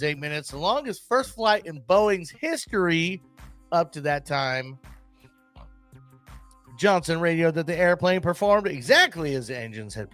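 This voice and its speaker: A male podcast host riffs through aviation history in a rambling, excitable way, peppered with profane maintainer jokes. His voice sits a little high and swings widely in pitch. The sound is dry and close, with faint music in the background. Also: no room sound. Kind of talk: casual solo podcast commentary.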